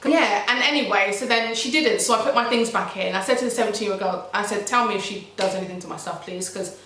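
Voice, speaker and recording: Animated young woman, echoey room. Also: quick pace, distant mic. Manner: animated, slangy, acts out quotes with high pitch jumps. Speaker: vlogger. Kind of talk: casual storytelling vlog. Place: shared house living room.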